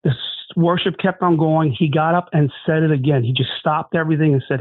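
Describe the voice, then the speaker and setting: Man with a slightly high voice, earnest testimony, halting delivery, phone-line sound. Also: no echo. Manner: earnest, halting storytelling with restarts. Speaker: guest sharing a testimony. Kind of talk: emotional personal testimony.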